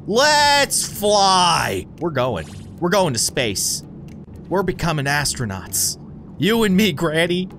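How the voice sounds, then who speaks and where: A man giving jokey let's-play commentary, swinging between shrieks and deadpan asides. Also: high-pitched. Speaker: gaming YouTuber.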